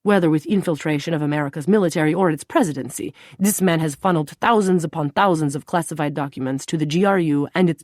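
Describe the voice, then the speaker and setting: A woman's voice: fairly low pitch, darkish tone, no room sound, clean studio sound. A woman voicing an anxious male political handler who talks earnestly and turns faltering and defensive when pressed.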